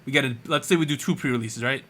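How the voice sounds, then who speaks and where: A man co-hosting a casual podcast chat, trading quick, animated, jokey opinions. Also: mid-range voice. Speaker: podcast co-host.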